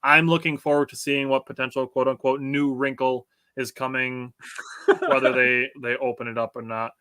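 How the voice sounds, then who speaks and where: A man's voice: medium pitch, flat delivery, normal speed, bright, forceful tone, clear, resonant tone, no room sound, clean studio sound. A man co-hosting a sports podcast in casual chat, laughing often and reading out listener comments. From United States. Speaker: podcast co-host.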